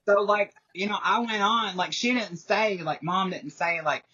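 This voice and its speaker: A woman's voice: medium pitch, measured pace, pushed and bright, breathy edge. A woman talks as a podcast guest in a casual, rambling way, filling her sentences with "like" and laughing often. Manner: rambling, heavy use of "like", frequent laughter. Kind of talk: casual interview chat. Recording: dull lo-fi recording.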